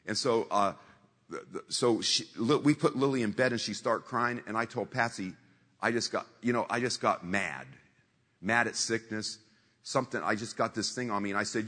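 A man's voice: on the low side, a bit bright, husky, long reverb tail. A man preaching a sermon in a conversational storytelling way, repeating scripture lines for emphasis.

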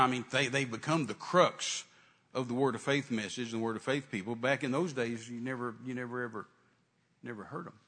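Husky man telling a sermon story. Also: medium pitch. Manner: animated retelling, acting out dialogue. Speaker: preacher.

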